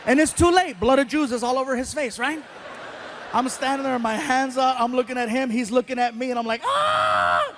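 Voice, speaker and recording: A man doing stand-up, animated storytelling, acting out voices and laughing at his own jokes on a theater stage. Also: extremely high pitch, fairly quick, a little hiss or hum. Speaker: stand-up comedian. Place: theater stage before a live audience.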